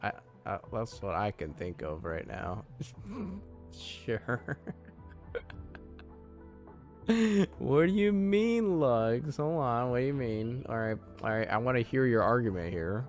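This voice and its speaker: A male game streamer rambles to his chat, breaking into laughter and tripping over his words. His pace is slow and his pitch sits in the middle, with faint game music in the background. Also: sing-song. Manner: rambling, laughs often, flustered. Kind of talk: casual live-stream chat.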